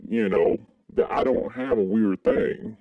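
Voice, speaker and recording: A man from Kentucky co-hosting a crude comedic podcast, talking in an animated way with sudden high exclamations. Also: a little slow, dry recording, narrow, tinny audio. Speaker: podcast co-host.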